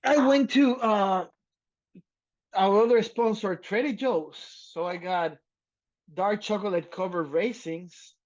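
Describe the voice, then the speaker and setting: A man co-hosting a podcast, talking loudly and excitedly in casual chat and laughing often, with a slight lilt. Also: high-pitched, slow pace, highs cut off. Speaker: podcast co-host.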